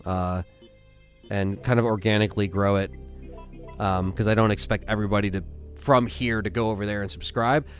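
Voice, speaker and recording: A man's voice: on the low side, steady tone, normal speed, faint music behind. A tired man casually chatting to viewers during a live stream, rambling with many fillers and restarts. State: tired, yawning.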